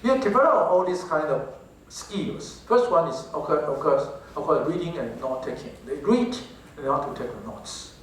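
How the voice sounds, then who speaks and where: A man's voice: a little high, lively intonation, moderate pace. Lecturing man in an echoey hall. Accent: Taiwanese. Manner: asks the audience rhetorical questions, repeats words. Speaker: professor giving a talk on English teaching. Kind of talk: lecture to teachers. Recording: very echoey hall, distant from the mic, faint noise.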